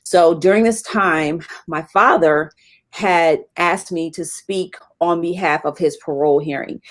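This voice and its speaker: Middle-aged woman guest, low-pitched, candid and filler-heavy storytelling. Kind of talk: personal story in an interview.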